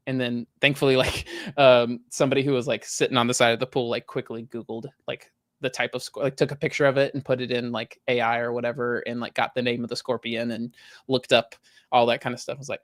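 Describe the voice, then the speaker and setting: Animated, chatty man on a podcast. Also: medium pitch, quick pace, no room sound, clean studio sound. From Southern US. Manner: animated storyteller, many "like" fillers. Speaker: podcast co-host. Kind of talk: casual chat.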